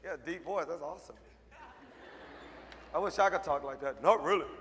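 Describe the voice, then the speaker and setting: A man with a high-pitched voice delivers a motivational speech at a school assembly, firing short punchy lines and teasing the students in front of him. His voice carries a long reverb from the large hall. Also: normal speed, a bit bright, slight background noise. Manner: punchy, joking, talks straight to the crowd. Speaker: motivational speaker.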